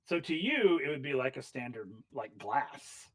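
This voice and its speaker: A man narrating as game master of a tabletop game, chatty and animated, with many fillers. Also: medium pitch, moderate pace, dry recording.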